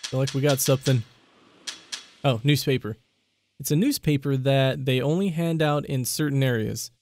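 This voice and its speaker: A man's voice: mid-range voice, normal speed, darkish tone, dry recording. A young man commentating a let's play of a horror game, jumping between panicky yelps and joking asides. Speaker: gaming YouTuber.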